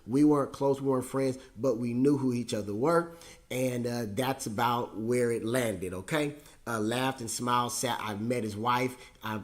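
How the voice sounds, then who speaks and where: Rambling, wry man hosting a chat. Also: medium pitch. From United States. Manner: rambling, conversational, with many fillers and repetitions; wry, self-mocking humor. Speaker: host. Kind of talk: casual monologue.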